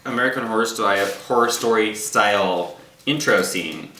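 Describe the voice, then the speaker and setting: A man co-hosting a campy comedic review podcast, sassy and quick-witted. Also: fairly low pitch, sharp tone. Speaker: podcast co-host. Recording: roomy with faint noise.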